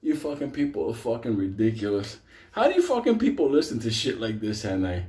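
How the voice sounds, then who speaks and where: A man's voice: mid-range voice, sing-song, a little fast, dark tone, echoey room. A man telling a wild story to a late-night audience, swearing nonstop and laughing through his own lines. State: sweating, worked up. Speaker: storyteller, stream host. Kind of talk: profane storytelling to a live audience.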